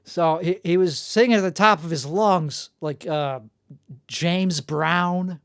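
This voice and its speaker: A man with a gravelly voice, hosting a rambling solo monologue in a jokey, self-mocking way. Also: on the high side, takes it slowly, a bit bright, dry recording, clean studio sound. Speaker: podcast host.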